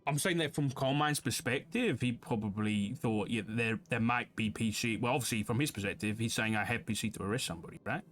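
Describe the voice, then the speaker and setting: A man talks quickly and argues a point of police procedure, playing devil's advocate in an in-character roleplay discussion. His pitch sits in an average range and he moves briskly from one point to the next. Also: a bit bright. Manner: argumentative, plays devil's advocate. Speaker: police officer.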